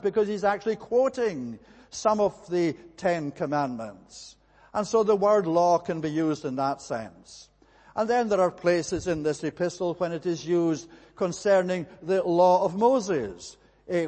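A man preaching a measured expository sermon, pausing often with "eh" between phrases. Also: high-pitched, darkish tone. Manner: measured, deliberate, frequent "eh" fillers. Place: church. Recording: church hall with long reverb.

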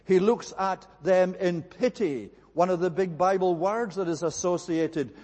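A man delivers a sermon with slow, deliberate phrasing and emphatic repetition. His voice sits slightly high for a man. It rings out with a long reverb from the church hall around him. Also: a little mellow. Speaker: preacher.

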